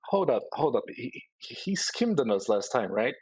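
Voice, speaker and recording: A man's voice: mid-range voice, big pitch swings, normal speed, a little mellow, slightly rough, dry recording, rough recording. A man playing a tabletop game, joking and scheming with laughs, over an online voice call. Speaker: player. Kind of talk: tabletop role-play chat.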